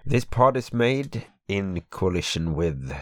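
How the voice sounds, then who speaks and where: Deep, groggy man with a Swedish accent. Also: very animated, fairly bright tone, dry recording. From Sweden. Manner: halting, hesitant in English. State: groggy, just woke up. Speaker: podcast co-host. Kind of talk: casual podcast chat. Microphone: podcast microphone.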